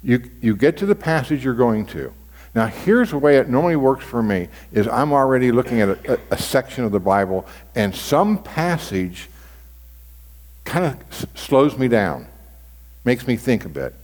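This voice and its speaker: In a large hall with long reverb, a man with a mid-range, darkish, very animated voice teaches about devotional reading at a moderate pace. Talking conversationally like a pastor, he frequently restarts and repeats his phrases.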